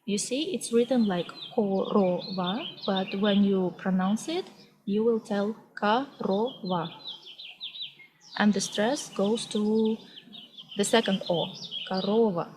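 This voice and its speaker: A young woman with a Russian accent, a native Russian speaker, teaching the alphabet in a vlog lesson. She speaks slowly and carefully, saying each example word twice, and records outdoors. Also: medium pitch, a little mellow, a little hiss or hum, rough recording. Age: young adult. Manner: slow and deliberate, repeats each word. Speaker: language teacher. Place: outdoors on a hot day.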